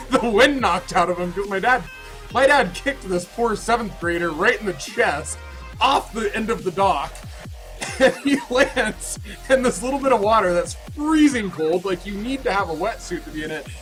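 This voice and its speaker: A man in his thirties telling a story to his Twitch chat, rambling and excitable with lots of restarts. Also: high voice, a little slow, faint music behind, rough recording. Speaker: Twitch streamer. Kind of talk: casual storytelling to stream chat.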